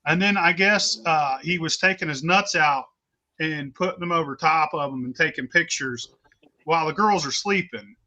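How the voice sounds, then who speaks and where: Male storyteller, high and bright-edged, profane and unpolished, muffled lo-fi sound. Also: normal speed. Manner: blunt, heavy cursing, rambling restarts. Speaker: storyteller on a talk stream. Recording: dull lo-fi recording.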